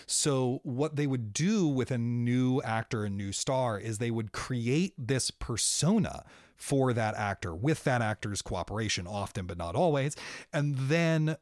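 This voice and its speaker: A man talking enthusiastically about acting history as a guest, with quick restarts and brief mimicked voices. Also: mid-range voice, expressive, a little mellow, dry recording, studio quality. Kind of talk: animated conversational explanation.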